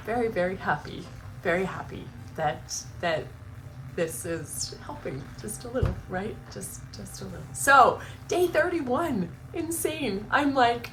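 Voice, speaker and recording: A woman's voice: medium pitch, animated, unhurried, a bit bright, a little hiss or hum, low-quality recording. A woman hosting her morning live stream, chatting emotionally, laughing through tears and gushing with many restarts. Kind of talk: casual emotional chat.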